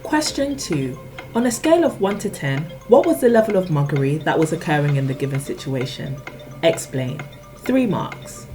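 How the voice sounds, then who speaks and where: A woman playing a mock exam-question announcer, formal and quiz-like. The voice sits low and composed. Music plays clearly behind it. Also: lively intonation, moderate pace.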